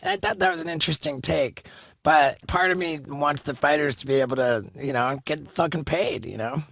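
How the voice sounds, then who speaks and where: A man hosting a podcast, asking questions in a halting way with many restarts. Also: fairly high pitch, animated, creaky, fairly bright tone, no echo. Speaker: podcast host. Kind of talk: casual podcast chat.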